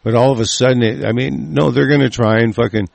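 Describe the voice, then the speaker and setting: Furious gravelly man ranting. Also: medium pitch, fairly even intonation, fast, a little mellow, no echo. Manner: furious, profane, stammering restarts. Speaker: political ranter reading a news article. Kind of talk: angry profane rant.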